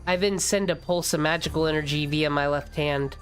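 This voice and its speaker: A woman reading a visual novel aloud in the first person, expressive and dramatic, with jokey asides. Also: sits low, brisk, faint music behind.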